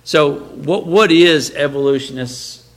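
A man's voice: fairly high pitch, slow pace. A man giving a sermon-style lecture, emphatic and full of rhetorical questions, with frequent fillers and restarts. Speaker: preacher.

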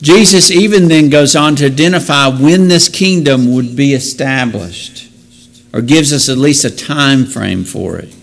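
A man's voice: medium pitch, a little slow, creaky. A man teaching a Bible lesson in an explanatory way, asking rhetorical questions and correcting himself as he goes. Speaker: preacher.

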